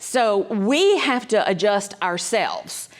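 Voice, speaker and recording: A woman's voice: medium pitch, big pitch swings, takes it slowly. Chatty woman teaching caregivers. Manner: conversational, folksy, frequent ums and asides, keeps checking in with "right?". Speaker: dementia specialist. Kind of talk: educational talk to caregivers.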